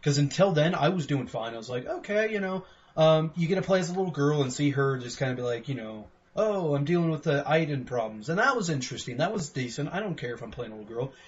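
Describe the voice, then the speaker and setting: A man co-hosting a podcast game review, ranting profanely and excitedly while acting out quotes. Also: a little high, fast talker. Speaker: podcast co-host. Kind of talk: casual game review chat. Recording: dull lo-fi sound with faint noise.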